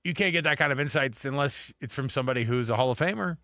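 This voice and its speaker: Male sports talk host, joking, bright tone, dry studio sound. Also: medium pitch, quick pace, no room sound. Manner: joking, wry, reads quotes aloud in mock voices. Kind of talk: casual sports radio banter. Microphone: studio microphone, dry.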